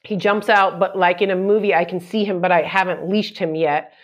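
A middle-aged woman, a comedian guest, telling a story on a chat podcast with lots of acted-out shouts and quotes. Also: on the low side, steady tone, a little fast, highs cut off.

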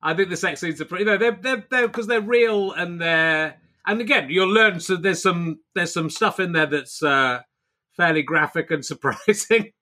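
A man's voice: high voice, moderate pace, sharp tone. A man hosting a casual podcast chat about a novel, laughing often and restarting his sentences. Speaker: podcast host.

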